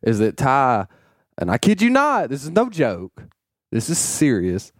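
A man's voice: mid-range voice, huge pitch swings, a little slow, dry recording, clean studio sound. A man co-hosting a casual chat, teasing his friends and laughing often. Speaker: podcast co-host. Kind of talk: casual banter.

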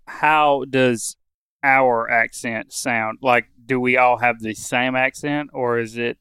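A man's voice: medium pitch, fairly even intonation, slow, sharp tone, clean tone. A man in a casual chat, speaking in a matter-of-fact way.

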